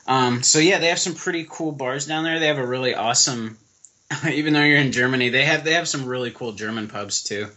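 A young man from the United States co-hosts a podcast in easy, rambling chat. His voice is bright and clear at a middle pitch, and he strings thoughts together with lots of fillers. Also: brisk. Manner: laid-back, rambling storyteller with many fillers. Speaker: podcast co-host. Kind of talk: casual chat. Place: living in Germany.

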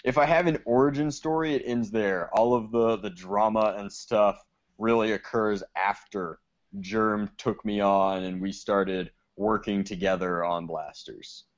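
A man speaking as a guest on a podcast, recalling his early days in relaxed chat. His audio sounds dull and lo-fi, as if over a remote line. He tells his stories loosely, with many pauses. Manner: storytelling, acts out quotes in high voices. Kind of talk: casual interview chat.

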